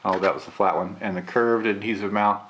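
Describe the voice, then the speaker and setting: A man getting over a cold, with a gravelly voice, chatting casually through a camera unboxing and review, with lots of filler "uh"s. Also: lowish voice, a little fast, slight background noise. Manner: relaxed, chatty, many filler "uh"s.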